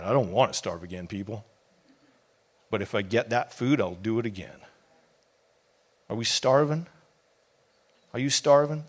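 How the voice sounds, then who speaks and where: A middle-aged man, a pastor, preaching a sermon with impassioned, conversational delivery and casual asides. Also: medium pitch.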